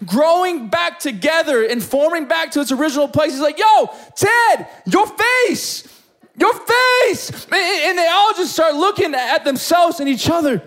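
A man's voice: extremely high pitch, moderate pace, hardly any pauses, fairly bright tone. A young man preaching a sermon to young adults, telling a story with lots of energy and stammered repeats.

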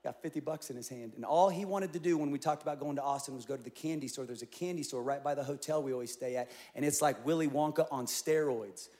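A middle-aged male pastor preaching a sermon, telling a story with lively acted-out quotes. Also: medium pitch, fast, few pauses. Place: large church auditorium.

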